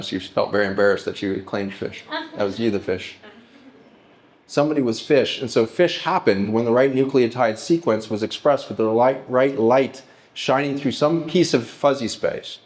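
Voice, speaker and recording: A middle-aged man speaking to a live audience at a festival, telling stories and slowing down to act out heartfelt pleas. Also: mid-range voice. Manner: storytelling, slows and lifts his voice to act out pleas.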